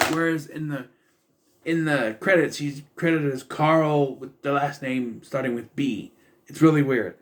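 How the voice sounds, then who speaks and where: A man's voice: a little high, fairly bright tone. Sarcastic man recapping a cheesy movie. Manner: sarcastic, incredulous, rambling with restarts. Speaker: movie reviewer. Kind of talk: casual film review recap.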